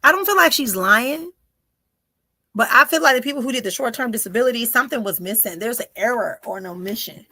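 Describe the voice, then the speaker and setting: Woman spiritual medium, hosts a live-stream reading, bright and dry, goes soft and whispery often. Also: a little high, expressive, fairly quick, dry recording. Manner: emotive, breaks into soft whispers. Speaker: spiritual medium and podcast host. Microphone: close mic for live streaming.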